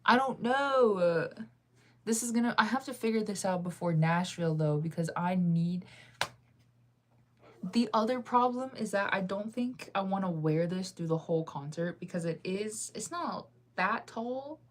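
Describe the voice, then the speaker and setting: A woman's voice: mid-range voice, animated, moderate pace. A young woman chatting casually to her viewers, rambling and indecisive, laughing often as she talks things through. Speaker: vlogger.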